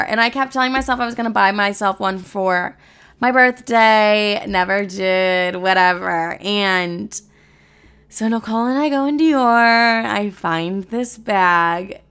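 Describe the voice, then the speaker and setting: A woman's voice: mid-range voice, a bit bright. A woman in her twenties hosting a podcast, talking candidly in a rambling, profane style with lots of fillers. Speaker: podcast host. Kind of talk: casual chat.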